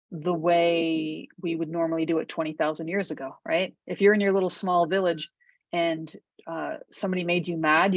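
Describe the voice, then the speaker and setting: A middle-aged woman teaching a meditation workshop in a warm, conversational way, often checking in with "right?" and "okay?". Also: on the low side, no echo. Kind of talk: guided workshop talk on a video call. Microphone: video call. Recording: dull lo-fi video call audio.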